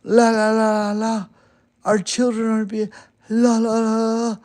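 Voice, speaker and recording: A man's voice: sits high, monotone, a little slow, a little mellow, voice pushed up. A man mocking a whiny sing-song complainer.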